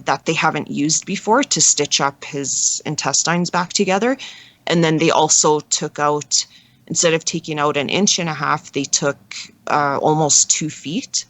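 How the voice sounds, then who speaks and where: A woman being interviewed as a guest, telling a personal story in an earnest, halting way with frequent restarts. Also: low voice, fairly bright tone, dry recording.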